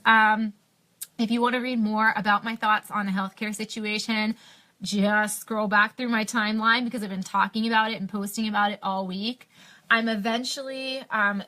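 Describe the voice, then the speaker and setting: A woman's voice: mid-range voice, pushed and bright. A young adult woman from the United States talking on a live stream, impassioned, with many fillers and restarts. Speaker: health blogger on a live stream.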